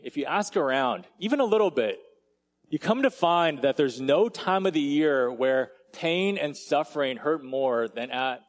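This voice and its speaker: Delivering a laid-back, talkative sermon, a man serving as pastor recounts a story in a medium-pitched voice, often breaking off to address the congregation directly.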